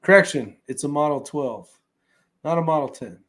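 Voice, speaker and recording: A man's voice: a little high, lively intonation, normal speed, a bit bright. A man who hosts his own livestream, reading viewer comments and answering them in a loose, rambling way. He pads his talk with fillers and small chuckles as he goes. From California. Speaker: host reading live chat. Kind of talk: casual livestream chat.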